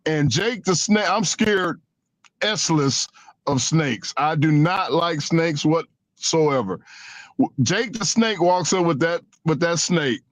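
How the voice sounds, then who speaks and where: A man in his sixties co-hosting a radio show, telling a long story in an animated way and stumbling over and repeating his words. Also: a little high, slow, no echo. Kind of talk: casual sports radio storytelling. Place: radio studio. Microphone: studio microphone.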